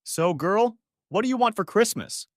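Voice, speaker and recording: A man putting on a loud, hearty Santa voice, jovial and playful. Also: mid-range voice, very animated, a little fast, dry recording, studio quality. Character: jolly booming Santa, playful grown man.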